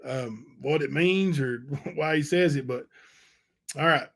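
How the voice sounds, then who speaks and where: A male livestream host reading letters aloud and commenting on them, halting and unsure, with many fillers. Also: fairly high pitch.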